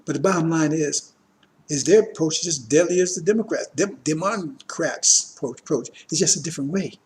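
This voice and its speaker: A man's voice: fairly high pitch, brisk, a little mellow. A man preaching a political lecture to a congregation, talking emphatically, firing rhetorical questions and often checking in with his listeners. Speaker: religious teacher addressing a congregation.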